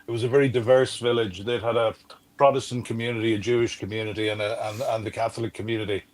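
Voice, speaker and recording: Irish man, lower voice, jokey livestream guest. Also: fast. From Ireland. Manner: jokey, animated storyteller. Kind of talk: casual chat, telling a joke.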